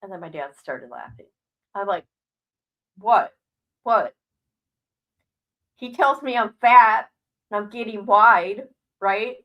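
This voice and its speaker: A woman's voice: medium pitch, a little slow, lo-fi sound. A middle-aged woman hosting a casual livestream, talking bluntly and frankly to her viewers and laughing often between remarks. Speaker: livestream host.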